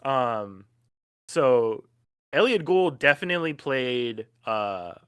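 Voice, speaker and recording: Male podcast co-host, bright tense voice, dry close sound, excitable and loose. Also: medium pitch, takes it slowly, smooth, no room sound. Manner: enthusiastic, casual swearing, many fillers. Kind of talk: casual film discussion.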